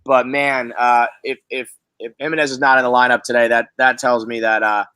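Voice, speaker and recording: A man's voice: mid-range voice, little pitch movement, fairly quick, bright, forceful tone, clean tone, dry recording. A man hosting a casual sports podcast from an office, profane and exasperated as he talks. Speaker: podcast host.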